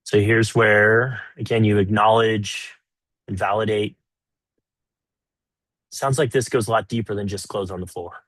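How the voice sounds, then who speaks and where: A man's voice: fairly low pitch, steady tone, measured pace, long pauses, a bit bright, dry recording. A man coaching on marriage in a webinar, talking conversationally and often checking in with "right?". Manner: acts out example dialogues. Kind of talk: webinar teaching.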